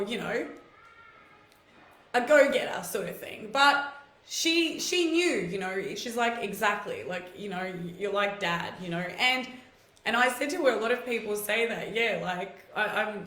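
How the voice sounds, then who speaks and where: A middle-aged woman from Greece, hosting a casual live chat and telling stories in a chatty, animated way with many fillers. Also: medium pitch, echoey room. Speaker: host.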